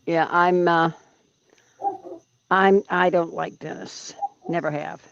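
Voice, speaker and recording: A woman's voice: on the low side, steady tone, slow pace, gravelly, clean tone. A woman hosting a livestream, chatting casually and bluntly with exclamations. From United States. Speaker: livestream host. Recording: dull dry lo-fi stream audio.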